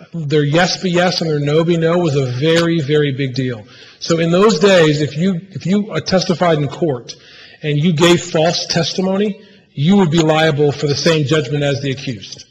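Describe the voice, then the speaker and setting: A man's voice: on the high side, normal speed. A pastor preaching a conversational sermon in a church, often restarting his phrases and checking in with "right?". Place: church sanctuary. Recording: church hall reverb, faint room noise.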